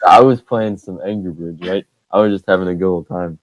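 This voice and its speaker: A man's voice: low-pitched, fairly even intonation, brisk, no room sound. A teenage man co-hosting a casual podcast with friends, telling stories in a laughing, confessional way. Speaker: podcast co-host. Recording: dull lo-fi dry sound.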